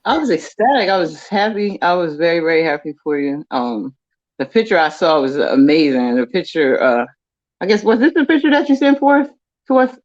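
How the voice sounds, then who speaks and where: A woman answering interview questions effusively, excitable and laughing. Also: fairly low pitch, normal speed, no room sound, highs cut off.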